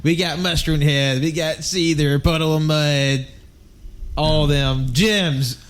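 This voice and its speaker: A man's voice: fairly high pitch, fairly even intonation, takes it slowly, smooth. A man co-hosting a podcast, riffing jokingly in casual chat. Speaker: podcast co-host. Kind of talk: casual movie-review chat.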